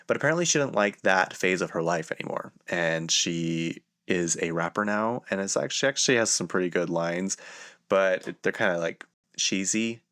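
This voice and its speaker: A man's voice: low-pitched, lively intonation, normal speed, a bit bright. A young man hosting a podcast, telling a rambling, casual story full of fillers and restarts. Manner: rambling, filler-heavy, self-interrupting. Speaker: podcast host.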